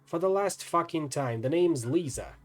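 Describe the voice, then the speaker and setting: A man's voice: medium pitch, very animated, brisk, a little mellow, slightly rough. A man voicing a fierce, sardonic woman in a story game, speaking bluntly and with authority. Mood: commanding.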